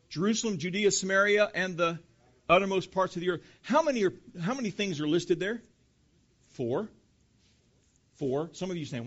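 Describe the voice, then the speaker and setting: A man's voice: sits high, fairly bright tone, muffled recording. A man preaching a sermon, asking rhetorical questions and building emphasis, calling his listeners folks. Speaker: pastor.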